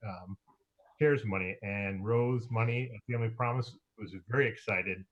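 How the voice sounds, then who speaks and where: A man, speaking as mayor in a council meeting and giving his report with many pauses and fillers. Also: lowish voice, a bit bright, muffled recording. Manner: halting, many fillers, occasional laughs.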